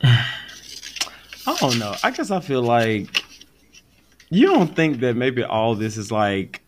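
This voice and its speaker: A man's voice: medium pitch, big pitch swings, takes it slowly, background noise. A man co-hosting a podcast, chatting casually in a laid-back, hesitant way. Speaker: podcast co-host. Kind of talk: casual chat.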